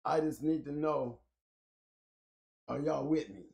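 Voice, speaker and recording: A man co-hosting a casual talk show, joking and teasing in slangy banter, his voice a bit rough. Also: fairly high pitch, slow, lo-fi sound. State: voice sounding rough. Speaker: co-host.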